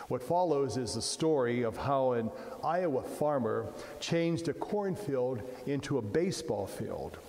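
A man preaching a sermon as a priest, in a slow, measured delivery where his phrases soften and fall at the ends. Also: mid-range voice. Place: church. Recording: roomy church echo, long reverb.

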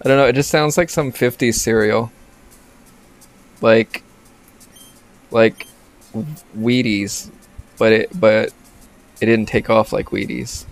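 A man's voice: medium pitch, fairly even intonation, slow, pauses often. A man hosting a casual let's play, joking and rambling with frequent restarts as he comments on the game. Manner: joking, rambling, self-interrupting. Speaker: gaming channel host.

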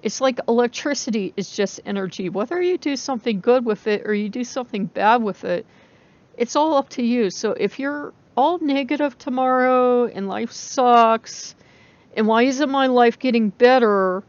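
A woman's voice: a little high, normal speed, no room sound. A woman who runs a pagan vlog, chatting casually and rambling as she talks to her viewers, with frequent laughs. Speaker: pagan vlogger. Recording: dull lo-fi recording.

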